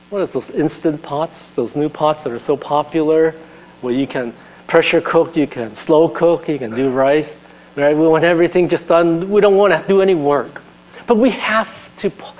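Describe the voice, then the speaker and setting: Pastor, male, slightly high voice, earnest conversational sermon with soft hushed moments, faint hum behind. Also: low-quality recording. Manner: earnest, drops to a soft hush on tender lines; conversational asides, repeats phrases.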